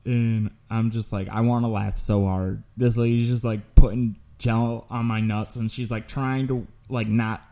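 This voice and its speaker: Young guy cussing his way thru a story, mellow darkish voice, casual chat. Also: lowish voice, little pitch movement, a little slow, few pauses. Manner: profane, crude storytelling. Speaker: podcast host.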